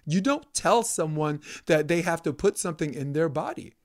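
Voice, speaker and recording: A man's voice: fairly high pitch, expressive, moderate pace. A man from Brooklyn, a podcast guest ranting heatedly and profanely, hammering points through repetition. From Brooklyn, New York. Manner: profane, emphatic, repeats phrases for emphasis. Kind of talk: heated conversational rant.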